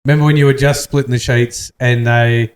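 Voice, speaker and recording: A man's voice: mid-range voice, steady tone. Teasing man in an echoey room. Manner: teasing, quick interjections. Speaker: podcast co-host. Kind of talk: casual banter. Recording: roomy echo.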